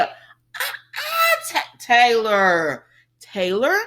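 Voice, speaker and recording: A woman casually recapping a soap opera episode, paraphrasing the characters and reacting with exclamations while talking to her viewers. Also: on the low side. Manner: animated, exclaims, paraphrases dialogue, addresses viewers as y'all. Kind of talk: casual chat.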